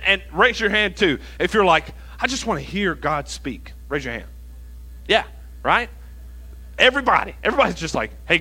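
A man preaching a sermon as associate pastor in a church, emphatic and repetitive, dropping to quiet asides. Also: high-pitched.

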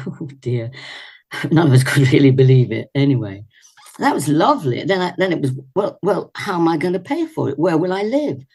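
A woman's voice: sits low, very animated, normal speed, darkish tone, slightly rough. An older woman from Leicester, England, an actress and singer, chatting animatedly with little laughs as a guest on a video call. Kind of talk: reminiscing in a casual interview. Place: indoors at home.

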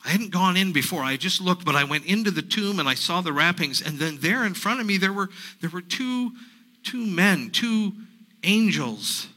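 A man, a pastor, voicing a grieving woman disciple in a first-person dramatic sermon monologue, halting and repeating himself as he retells. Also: high-pitched, expressive, pushed and bright, exaggerated voice, low-quality recording. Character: grieving woman disciple recounting the empty tomb.

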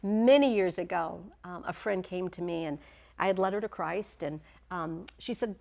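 A middle-aged woman teaching a sermon in an earnest, emphatic way, slowing down and dropping to a whisper to stress a point. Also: lowish voice, creaky, darkish tone. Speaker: Bible teacher.

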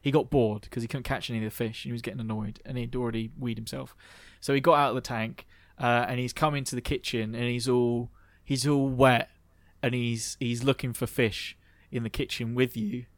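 A man's voice: medium pitch, steady tone, fairly quick, few pauses, no room sound. A man narrating a tabletop game as game master, playful and giggly.

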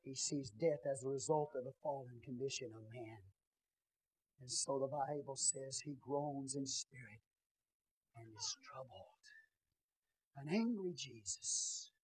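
A man preaching a sermon in a church, swinging from quiet teaching to loud shouted preaching. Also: mid-range voice, measured pace, pauses often, low-quality recording. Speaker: pastor. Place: church sanctuary.

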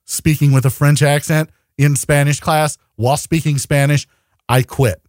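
A man's voice: fairly high pitch, normal speed, dry recording, clean studio sound. A man co-hosting a podcast in casual chat, ranting and swearing with lots of energy. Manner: animated, profane, ranting. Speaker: podcast co-host.

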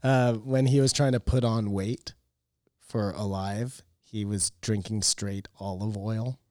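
A man's voice: fairly low pitch, steady tone, slow, darkish tone, dry recording, clean studio sound. A man in casual podcast chat who tells stories eagerly and asks curious questions. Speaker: podcast co-host.

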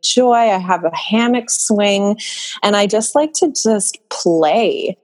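A woman guest in a candid podcast conversation, speaking in a slow, dreamy, drawn-out way. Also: medium pitch, a little mellow.

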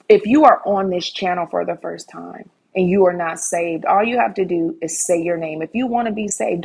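A woman preaching an online sermon, fervent and repetitive, often dropping to soft hushed phrases. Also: medium pitch, slightly rough. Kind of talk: online sermon with altar call.

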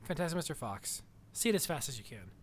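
A man's voice: a little high, sing-song, quick pace, breathy edge. A man co-hosting a casual chat, gushing and rambling with enthusiasm. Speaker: podcast co-host.

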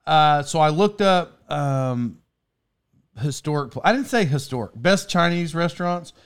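A man with a somewhat high speaking voice hosts a podcast from a studio. He tells stories loosely, restarting sentences and breaking into laughter. The feel is relaxed, unscripted chat. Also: a little slow, clear, resonant tone. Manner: rambling, self-interrupting, laughs often. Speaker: podcast host. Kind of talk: casual storytelling chat.

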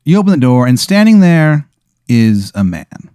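A man's voice: fairly high pitch, very animated, normal speed, dark tone, clear, resonant tone, no room sound, studio quality. A man hosting a comedy podcast, improvising a rambling story full of fillers. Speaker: podcast host.

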